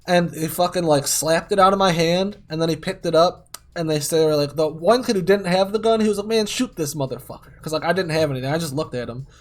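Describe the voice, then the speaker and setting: Guy streamer, kinda high voice, rambles and swears a lot while he plays. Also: fast talker. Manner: rambling, heavily profane, many fillers. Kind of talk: casual storytelling while gaming.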